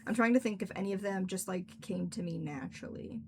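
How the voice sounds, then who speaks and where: A woman's voice: mid-range voice, quick pace, vocal fry, a little hiss or hum. A young woman hosting a casual livestream Q&A as an author, rambling and filler-heavy as she answers questions. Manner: chatty, rambling, frequent "like" fillers. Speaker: author and stream host. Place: indoors at home, in cosplay.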